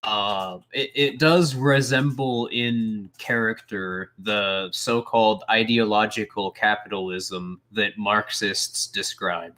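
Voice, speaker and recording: A man's voice: fairly low pitch, fairly even intonation, slow, hardly any pauses, fairly bright tone. A man co-hosting a casual political commentary stream, talking emphatically and often restarting his phrases. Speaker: co-host.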